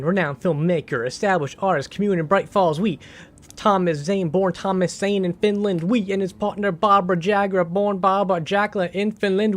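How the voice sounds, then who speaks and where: A man putting on an exaggerated mock French accent, voicing a hammy French gentleman who reads out a news article and keeps tossing in "oui". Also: lightly acted. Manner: hammy, peppers lines with "oui", climbs ever higher. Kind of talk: comic accent bit on a game stream.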